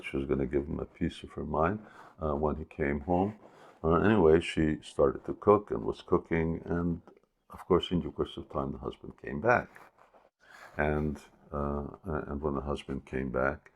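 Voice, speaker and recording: A man telling a devotional story as a spiritual teacher in a sermon, unhurried and hesitant, with many pauses. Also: rumbling low, fairly even intonation, vocal fry.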